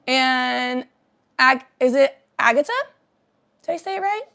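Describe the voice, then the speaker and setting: A young woman vlogger tells a story to her viewers in a loose, casual chat, swearing freely. Her voice sits a little high for a woman, and she greets people in the chat by name as she talks. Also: measured pace, creaky. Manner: chatty, profane, animated storytelling.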